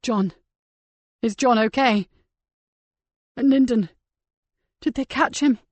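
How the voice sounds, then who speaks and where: A woman's voice: a little high, takes it slowly, dry recording, voice pushed up. A woman narrator voicing a brave, exhausted male police detective in an audiobook, commanding and breathless. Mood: anxious. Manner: commanding, then weak and breathless.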